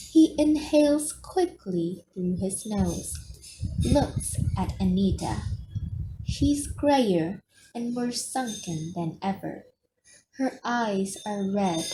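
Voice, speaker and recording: A woman reading a novel aloud as audiobook narration, in a soft storytelling manner. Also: mid-range voice, animated, extremely slow, a little hiss or hum, rough recording. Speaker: audiobook reader.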